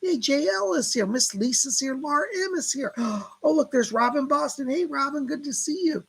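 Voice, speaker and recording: A middle-aged man hosts a live psychic stream, chatting casually in a gushing way packed with exclamations. His voice is very high, animated and gravelly, at a moderate pace. The audio quality is poor.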